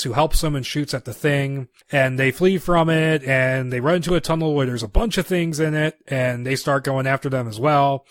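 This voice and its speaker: A male podcast host recaps a plot in long chains of "and then". His talk is casual and steady. The sound is dry and close. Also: mid-range voice, no room sound. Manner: run-on storytelling, chained "and"s.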